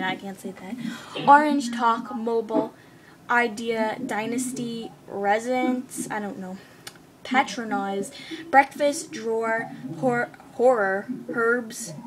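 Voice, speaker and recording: A young woman with a New York accent, reading a word list and answering questions for an accent challenge video, chatty and easily flustered. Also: fairly high pitch. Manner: chatty, flustered, self-mocking. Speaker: vlogger. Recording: noisy webcam recording.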